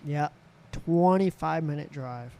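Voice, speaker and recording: Candid man telling a story, mellow tone. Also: a little high, slow pace, creaky, a little hiss or hum. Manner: candid, swears freely, voices others in quotes. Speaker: podcast guest. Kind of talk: casual storytelling.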